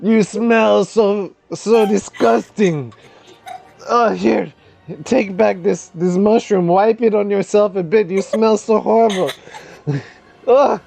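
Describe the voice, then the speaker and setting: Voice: medium pitch, takes it slowly, vocal fry, a little mellow, faint music behind, pitched above the performer's own voice. A game master voicing a goblin who is disgusted by humans, groaning and pleading. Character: squeamish disgusted goblin, easily grossed out.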